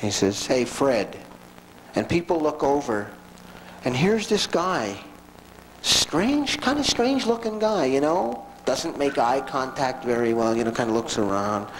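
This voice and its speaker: Animated male lecturer telling a story. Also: medium pitch, unhurried, a little hiss or hum, low-quality recording. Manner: animated, conversational, acts out quotes.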